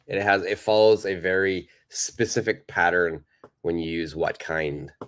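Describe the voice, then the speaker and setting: A man's voice: low voice, little pitch movement, a little slow, fairly bright tone. A man teaching a live online English lesson, patiently repeating and praising viewers' answers.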